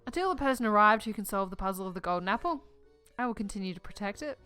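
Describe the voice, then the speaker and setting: A woman's voice: on the high side, expressive, normal speed, a bit bright, smooth, faint music behind. A woman voicing a polite elderly male caretaker who builds robots, her put-on accent drifting as she reads. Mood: formal. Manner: accent keeps shifting.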